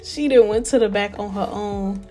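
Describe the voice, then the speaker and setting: A young woman giving casual, animated let's-play commentary and talking straight to her viewers. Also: medium pitch, normal speed, soft background music. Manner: chatty, animated, talks to viewers as y'all. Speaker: gameplay narrator.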